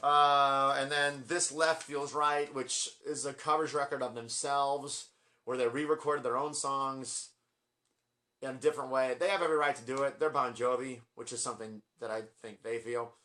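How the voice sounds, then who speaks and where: Man, forties, bright forceful voice, rambling and gushing, apologetic asides: collection vlogger. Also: mid-range voice, fairly even intonation, moderate pace. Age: 40s. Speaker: vlogger ranking his album collection. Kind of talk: casual collection vlog.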